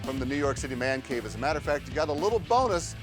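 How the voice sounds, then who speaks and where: A man's voice: mid-range voice, lively intonation, racing, music in the background. Upbeat male sports show host. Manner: upbeat, hesitant with fillers. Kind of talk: sports talk show hosting.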